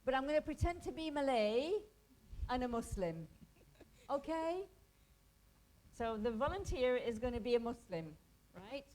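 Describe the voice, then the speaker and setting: A woman's voice: high-pitched, animated, unhurried, darkish tone, rough recording. A woman from Pakistan teaching a hospital volunteer workshop, talking conversationally and quizzing the group in a training room.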